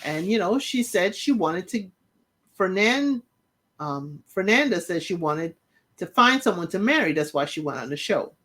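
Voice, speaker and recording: A woman's voice: lowish voice, sing-song, normal speed, a bit bright. A woman hosting a casual recap show, retelling scenes and talking straight to the people in them. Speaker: reality TV recap host.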